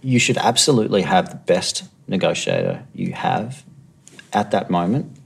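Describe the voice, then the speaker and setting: An Australian man, a police negotiator, calmly reflecting on his work in a documentary interview. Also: deep voice, normal speed, creaky, husky.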